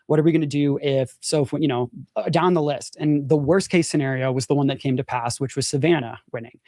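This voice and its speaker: A man's voice: dry recording, clean studio sound. A young adult man, a podcast guest, telling a story casually, acting out quotes and filling his talk with "like". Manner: animated storyteller, acts out quotes with big pitch jumps, frequent "like". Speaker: podcast guest, former reality show contestant.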